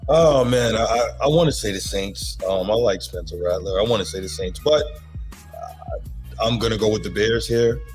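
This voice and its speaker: A man's voice: on the low side, normal speed, faint music behind, poor audio. A man co-hosting a casual football podcast, laid-back and decisive with his picks. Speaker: podcast co-host. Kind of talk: casual sports podcast chat.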